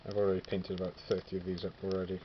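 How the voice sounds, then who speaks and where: A deep-voiced man races through his collection in a completely flat delivery, musing as he goes. This miniature wargaming hobbyist thinks aloud with many fillers and self-corrections during a casual show-and-tell. The recording is slightly dull and lo-fi, with clear background noise.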